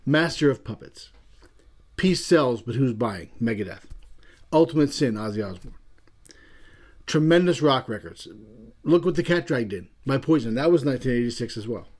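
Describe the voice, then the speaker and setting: A man with a Philadelphia accent, hosting a casual, rambling video about a classic album. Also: medium pitch. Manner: chatty, rambling, self-amused. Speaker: channel host.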